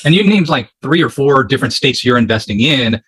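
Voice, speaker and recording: A man's voice: mid-range voice, lively intonation, fairly quick, bright, forceful tone, a little hiss or hum. A man hosting a podcast interview, asking questions and giving brief, encouraging reactions. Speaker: podcast host.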